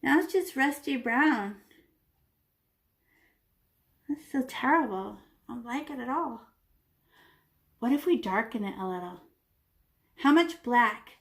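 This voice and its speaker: A woman leads a children's painting lesson, describing each brushstroke as she makes it. Her voice sits a little high and stays playful, with whooshes and small sound effects as she demonstrates. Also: expressive, measured pace, pauses often. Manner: talks while painting, demonstrating step by step. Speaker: art teacher.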